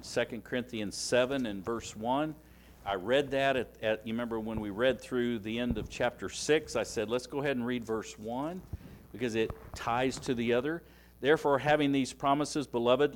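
A man with a Southern US accent preaching a sermon, stressing key words by rising, dropping and slowing down. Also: mid-range voice. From Alabama, US. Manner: emphatic, rises and drops for stress, slows on key words.

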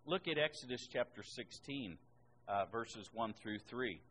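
This man's sermon mixes scripture readings with his own points, delivered expressively and a little slowly at middle pitch. He hits key words hard, rising in pitch and volume before settling down, over poor audio with a faint hiss beneath.

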